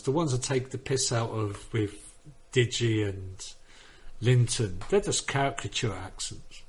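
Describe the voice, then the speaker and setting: A man's voice: medium pitch, husky. A man on a gaming podcast chatting casually, telling rambling, sweary stories full of restarts. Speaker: podcast panelist. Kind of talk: casual chat.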